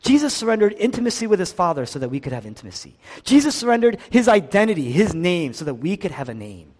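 A man preaching with a fairly high voice and a very lively, swooping pitch. He drops to hushed lows and then rises to impassioned cries. The sound carries a long reverb, as in a large hall. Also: fast talker. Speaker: pastor. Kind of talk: sermon.

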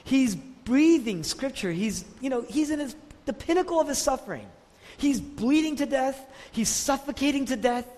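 A man preaches in a fairly high voice that leaps up and down in pitch as he drives his points. He asks rhetorical questions and swings from loud declarations to hushed, low passages. His voice rings with a long echo over a faint hum of room noise. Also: expressive, normal speed. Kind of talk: sermon.

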